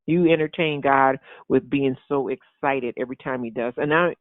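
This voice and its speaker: A man preaching an informal sermon in an animated, repetitive way, often acting out excited voices. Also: mid-range voice, moderate pace, no echo. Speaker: pastor. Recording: tinny phone-like sound.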